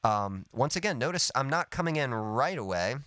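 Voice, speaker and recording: A man's voice: medium pitch, very animated, moderate pace, no room sound. Easygoing male songwriting coach, dry sound. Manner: easygoing, explains step by step with many "sort of" and "kind of" softeners. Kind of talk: live instructional teaching.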